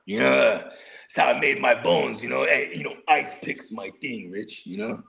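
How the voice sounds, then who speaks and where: A man's voice: medium pitch, expressive, moderate pace, creaky, pushed and bright, voice pushed down, heavily acted. A man voicing a rowdy middle-aged mob boss who is boisterous and profane, making chummy threats. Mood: reminiscing.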